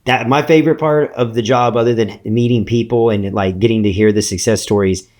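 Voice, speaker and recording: A man's voice: mid-range voice, steady tone, fairly quick, a little mellow. A man, a company founder guesting on a podcast, speaking in an upbeat, enthusiastic way. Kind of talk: casual podcast chat.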